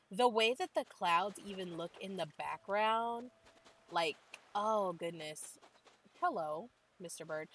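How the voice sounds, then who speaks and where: A woman's voice: on the low side, fairly bright tone, low-quality recording. Chatty young woman gushing over a game. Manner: chatty, gushing, says "like" constantly. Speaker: gaming channel host. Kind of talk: casual game tour commentary.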